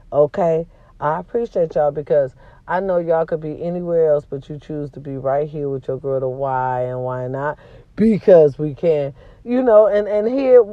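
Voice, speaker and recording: Speaking in a low voice, a woman on a casual vlog vents to viewers with blunt profanity, alternating between loud and quiet. She has a sore throat from a cold, and the lo-fi recording carries no echo.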